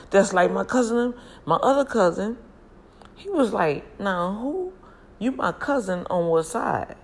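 Chatty gravelly woman telling family stories. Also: fairly low pitch, a little hiss or hum. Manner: chatty, animated, laughs a lot. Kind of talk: casual storytelling to viewers.

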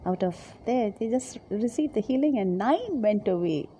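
A woman giving a devotional Bible reflection, speaking gently and haltingly, repeating her words and dropping now and then to a soft whisper. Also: a little high, lively intonation, lo-fi sound, a little hiss or hum. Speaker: Bible teacher.

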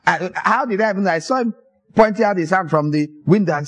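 A man preaching a sermon, telling stories in an animated way and acting out the people in them. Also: high-pitched, fairly quick, no room sound, low-quality recording. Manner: animated storytelling, acts out voices with laughter.

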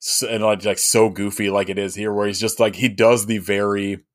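Deep-voiced man, podcast co-host, rambling, lots of fillers. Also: flat delivery, normal speed. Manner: rambling, many fillers, laughs often. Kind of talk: casual movie review chat.

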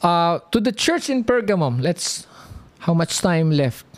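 Guy preaching, high voice that jumps around a lot, slow and dry. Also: dry recording. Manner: lively, animated, drawn-out delivery, frequent "okay?" check-ins. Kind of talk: sermon teaching.

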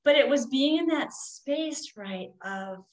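A woman's voice: high-pitched, lively intonation, slow, rough recording. A woman, a coach, telling a personal story in a candid, rambling way with frequent fillers.

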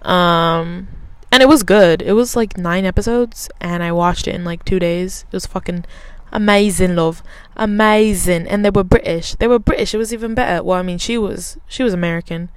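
A woman's voice: fairly low pitch, moderate pace, clean tone, no room sound. A woman in her twenties hosting a casual solo podcast, rambling and swearing a lot in an offhand, self-mocking way. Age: 20s. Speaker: podcast host.

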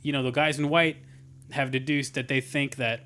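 A man's voice: medium pitch, flat delivery, normal speed, bright, forceful tone. A man co-hosting a podcast, recapping a cartoon episode in a rambling, casual way with many fillers and some swearing. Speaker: podcast co-host.

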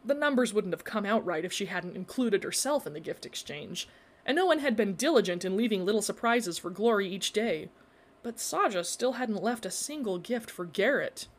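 A woman narrating a story in a measured, expressive reading. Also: medium pitch.

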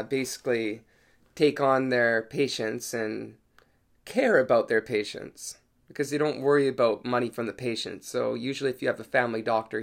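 A young man from Canada with a husky, sick voice, hosting a casual solo podcast, rambling and joking with casual swearing. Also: medium pitch, a bit bright. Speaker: podcast host.

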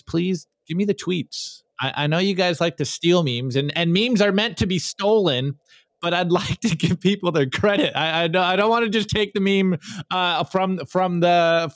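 A man hosting a podcast, reviewing memes in casual, energetic chat and often repeating words as he starts sentences. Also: high voice, moderate pace, dry recording, clean studio sound. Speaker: podcast host.

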